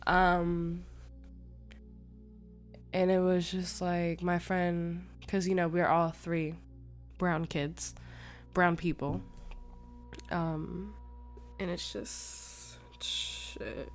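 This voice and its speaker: Young woman host, lowish voice, animated and slangy storytelling, swears a lot. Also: extremely slow, long pauses, soft background music. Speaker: podcast host. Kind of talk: casual storytelling monologue.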